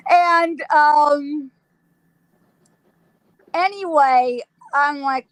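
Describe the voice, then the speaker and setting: A woman, a psychic guest, telling a ghost story in a lively way, laughing often and acting out sounds. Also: high voice, unhurried, no room sound, rough recording.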